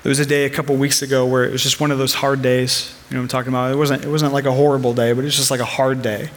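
A man's voice: medium pitch, flat delivery, racing, slight background noise. Earnest conversational pastor, a man. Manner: earnest, conversational preaching with personal stories. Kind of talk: sermon.

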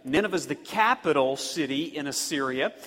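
A man preaching a sermon as pastor, with dynamic delivery that slows down to punch key words. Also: on the high side, animated, fairly bright tone. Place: church sanctuary. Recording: long reverb of a church hall.

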